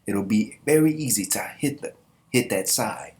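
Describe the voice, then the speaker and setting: A man reading the lines of a stern male strategist giving battle orders, in a flat reading voice. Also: lowish voice, normal speed, natural voice. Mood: commanding.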